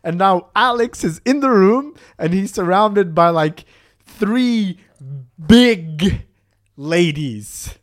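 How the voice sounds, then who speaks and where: Young man, high voice, casual storytelling, animated, lots of fillers. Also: slow pace.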